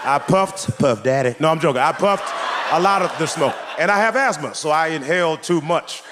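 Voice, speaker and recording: A male stand-up comedian with a somewhat high voice, telling his story loudly and with a lot of energy. He often breaks into shouts and laughter, and a noisy live room sits behind him. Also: animated, normal speed.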